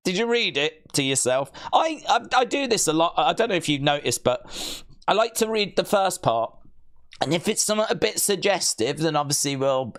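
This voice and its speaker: A man chats casually as he hosts a live stream, reading out viewer messages. He has a somewhat high voice and teases his audience playfully, breaking into squeaky mock-outraged exclamations. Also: fairly bright tone. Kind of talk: casual watch-along chat.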